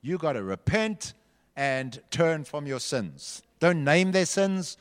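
A man with a fairly high voice leads an interactive Bible story, dramatic and full of direction for his young group. His pitch leaps around expressively. The sound rings with the long reverb of a large hall. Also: sing-song, slow, clean tone. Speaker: children's church leader.

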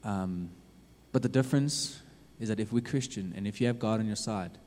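A man preaching a sermon, earnestly urging his listeners with lots of repetition, swinging from loud to hushed. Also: fairly low pitch, normal speed. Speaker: youth preacher. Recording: long reverb of a hall.

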